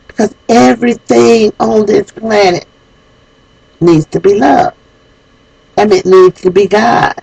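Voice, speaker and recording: A woman's voice: medium pitch, low-quality recording. A woman hosting her own show, delivering an emotional, preachy monologue straight to her viewers. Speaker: host. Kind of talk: impassioned spoken monologue.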